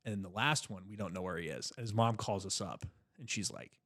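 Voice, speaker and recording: A young man co-hosting a podcast, telling a story in a casual, animated way, swearing freely. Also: lowish voice, brisk. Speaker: podcast co-host.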